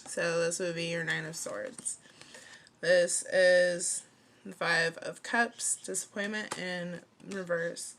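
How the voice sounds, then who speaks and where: A woman's voice: fairly low pitch, flat delivery, takes it slowly, a bit bright, a little hiss or hum. A woman in her thirties giving a casual tarot reading to camera, chatty and playful, leaning on "like" and laughing often. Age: 30s. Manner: chatty, fillers of "like", frequent laughter, playful slang. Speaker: tarot card reader.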